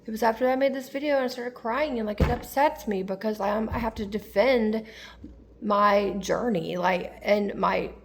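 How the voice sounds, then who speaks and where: A woman's voice: fairly high pitch, moderate pace. A young woman talking candidly in a personal vlog, rambling and confessional with lots of fillers. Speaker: tarot vlogger.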